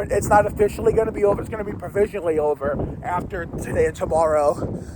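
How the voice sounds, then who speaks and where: A man with a sore, raspy throat talking casually to his vlog viewers, rambling and restarting sentences as he goes. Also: high-pitched, background noise. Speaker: vlogger.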